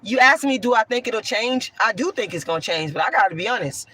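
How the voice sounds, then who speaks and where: Hoarse woman ranting on a livestream, bright and forceful, goes loud then soft. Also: on the high side, animated, a little fast. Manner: loud, swings from raised voice to soft; blunt, profane, slangy. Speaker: online commentator. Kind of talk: livestream talk answering chat.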